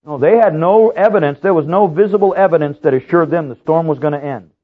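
Earnest male preacher on a tinny recording. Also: fast. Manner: earnest, repeats key phrases for emphasis; storytelling with lively rises in pitch. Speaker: pastor. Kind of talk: sermon. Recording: tinny, phone-like sound.

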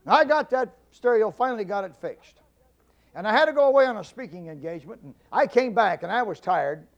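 A middle-aged man giving a humorous storytelling speech, folksy and animated, stammering and repeating himself for effect. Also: high-pitched, brisk, highs cut off. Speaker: public speaker.

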